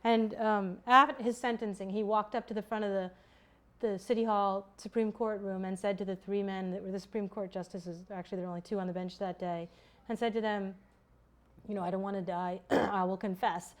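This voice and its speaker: A woman's voice: mid-range voice, steady tone. A woman historian giving an academic lecture, thoughtful and explanatory, often restarting and correcting herself mid-sentence. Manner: halting, self-correcting, many restarts.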